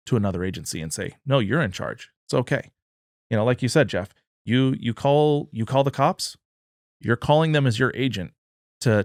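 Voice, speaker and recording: Man, low voice, earnest, dry close sound. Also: dry recording. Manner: earnest, acts out quoted dialogue. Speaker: podcast guest, party chair. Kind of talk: political discussion.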